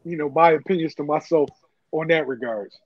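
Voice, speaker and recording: Agitated and profane, a man stutters through his points in a heated argument on a podcast panel. His voice is on the high side and brisk. The dull lo-fi recording has no echo.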